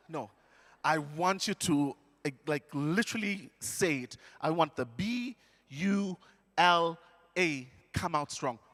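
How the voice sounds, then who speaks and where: A man from Fiji, leading a live audience through a call-and-response lesson on stage with an energetic, coaxing manner. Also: on the high side, a little hiss or hum. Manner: energetic, coaxing, counts the crowd in. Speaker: stage presenter teaching an audience. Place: large indoor hall, live event. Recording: echoey large hall.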